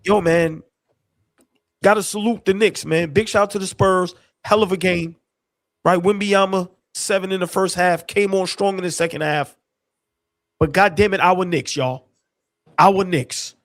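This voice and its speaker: A fairly high-voiced man pours out raw excitement as he hosts a fan sports stream. His talk is loose and slangy, full of emotion he says he cannot hold in. The sound is dry and close, with no room around it. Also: measured pace, dry recording. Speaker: sports show host. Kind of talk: excited post-game fan reaction.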